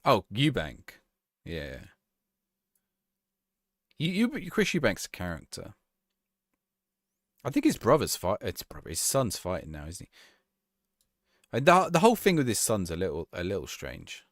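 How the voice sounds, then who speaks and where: A man's voice: fairly low pitch, wildly swooping pitch, a little slow, pauses often, no echo, studio quality. A man streaming a football management game, chatting casually and answering viewers' questions as he plays. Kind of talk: live-stream gameplay chat.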